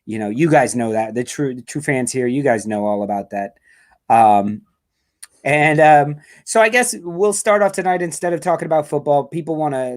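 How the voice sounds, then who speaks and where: A man's voice: a little high, a little mellow. A man hosting a live fan show over a video call, rambling and joking, and he talks nonstop. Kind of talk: casual live-stream chat.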